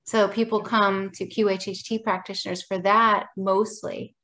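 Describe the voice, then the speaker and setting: A woman guest calmly explaining her healing practice in a casual interview. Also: mid-range voice, normal speed, low-quality recording.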